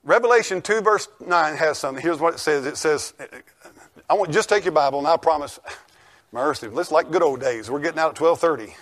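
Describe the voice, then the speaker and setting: Man, older, pastor, sermon, folksy, emphatic, high voice. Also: brisk. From United States. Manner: folksy, emphatic, rising to shouts on scripture.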